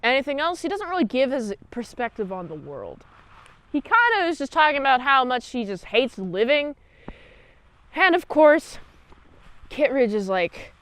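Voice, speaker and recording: Woman, high voice, lively pitch, casual jokey reviewer, dry close sound. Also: normal speed, smooth, no echo. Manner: chatty, jokey, with many fillers and retellings. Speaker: video reviewer.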